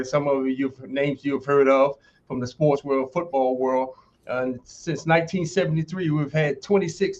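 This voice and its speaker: Easygoing Southern man, lo-fi sound. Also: medium pitch. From North Carolina. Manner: easygoing, says "man" often. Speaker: guest, former football player. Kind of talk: casual interview chat.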